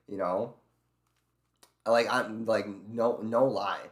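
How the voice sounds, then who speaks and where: A man's voice: lowish voice, fairly even intonation, extremely slow, echoey room. A man streaming from home, venting about his job in a casual, profane rant. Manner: profane, venting, mimics bosses in quoted voices.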